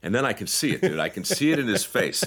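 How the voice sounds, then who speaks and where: A man's voice: medium pitch, sing-song, fast talker, a bit bright. A middle-aged man in casual podcast chat, telling stories with laughter and mimicked voices. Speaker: podcast co-host.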